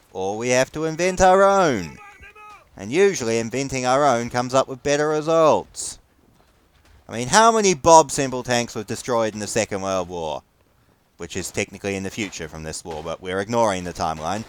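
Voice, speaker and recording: A man's voice: mid-range voice, expressive, moderate pace, smooth. A man with a New Zealand accent giving casual, profane commentary over a war game, grumbling wryly at his teammates. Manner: grumbling, profane, wry running banter. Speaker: gameplay commentator.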